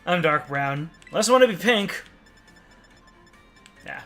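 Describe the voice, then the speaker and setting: A man's voice: sits high, lively intonation, measured pace, pushed and bright, faint music behind. A man streaming a game, chatting casually and joking while sometimes reading the game's text aloud in a put-on newscaster voice. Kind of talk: casual let's-play commentary.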